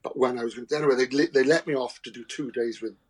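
A man, a guest actor telling lively anecdotes, laughing often and acting out voices. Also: medium pitch, quick pace, rough recording. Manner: animated storyteller, laughs often, acts out voices. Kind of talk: anecdotal chat.

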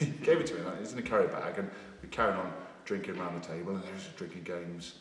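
A man with a lowish voice tells relaxed, self-mocking anecdotes. He sits back from the mic in a room with a long, echoing reverb. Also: quick pace. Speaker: podcast co-host, former rugby player. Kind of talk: casual anecdote telling. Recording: reverberant room, heard from a distance.

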